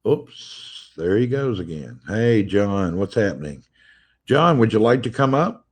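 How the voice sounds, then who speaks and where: Streaming casually from home over his phone with family close by, this host has a fairly low, husky voice that moves in a sing-song way at a measured pace. He greets viewers by name, reads their comments out loud, and teases them playfully.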